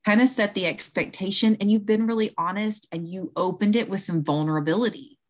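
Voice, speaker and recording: A woman's voice: medium pitch, brisk. A woman in her thirties, a conversation coach, explaining earnestly in a podcast interview and acting out quoted lines.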